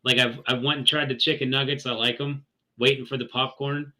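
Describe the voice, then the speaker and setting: A man's voice: medium pitch, level tone, brisk, bright, forceful tone, poor audio. A man co-hosting a live trading stream, thinking aloud in a loose, hesitant way. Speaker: stream co-host reading comments. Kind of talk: casual livestream chat.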